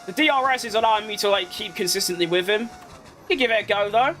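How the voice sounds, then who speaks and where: A man giving excitable live commentary while playing a racing game, exclaiming at close moments. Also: high-pitched, quick pace, a little hiss or hum. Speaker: gaming streamer.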